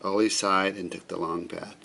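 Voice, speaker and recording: Low gravelly man reading aloud. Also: moderate pace, slight background noise. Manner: relaxed, chatty asides. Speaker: storyteller reading to children. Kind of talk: picture-book read-aloud.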